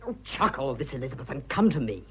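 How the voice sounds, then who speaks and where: This English actor lightly plays an earnest, shy young businessman confessing his love, 1940s radio acting heard through a dull old broadcast with slight background noise. His medium-pitched voice swings widely and moves at a quick pace. As the suitor, he comes across flustered, ardent, bashful, blustering and eager.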